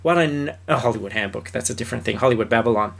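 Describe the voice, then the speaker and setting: A man's voice: medium pitch, rapid-fire, vocal fry, fairly bright tone. Rambling man chatting on a film podcast. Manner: rambling, many fillers and restarts, swears casually. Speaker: podcast co-host. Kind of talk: casual film review chat.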